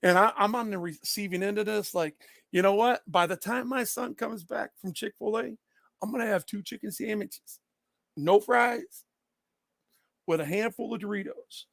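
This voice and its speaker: High-pitched guy with a gravelly edge, blunt and cussing, talking to his stream chat, dry close sound. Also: moderate pace, fairly bright tone, no echo. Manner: blunt, confrontational, swears freely. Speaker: livestreamer answering his chat. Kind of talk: casual livestream chat.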